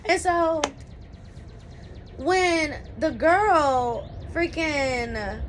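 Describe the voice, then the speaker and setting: A young woman vlogger shares a personal story in a high-pitched voice, drawing out her words over slight background noise. Her style is casual and slangy, packed with "like" and "you know what I'm saying."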